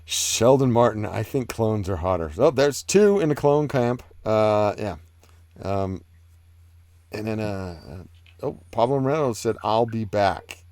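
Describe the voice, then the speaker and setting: This live-stream host has a voice on the low side, animated and measured in pace, with a darkish tone and no echo. He reads viewer comments aloud and chats about them in a rambling, casual way, with plenty of fillers and restarts.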